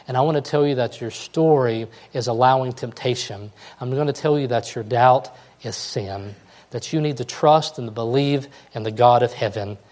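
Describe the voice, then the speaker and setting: Male preacher, mid-pitched voice, earnest sermon delivery that builds to firm exhortation. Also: darkish tone. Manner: earnest, rising to emphatic exhortation.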